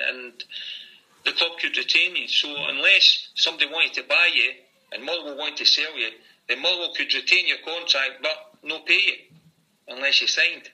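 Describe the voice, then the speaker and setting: Middle-aged scottish guy rambling through old football stories, really bright forceful voice, a bit high. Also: normal speed, poor audio. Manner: rambling anecdotes with repeated "I says". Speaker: former footballer guest. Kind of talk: storytelling interview.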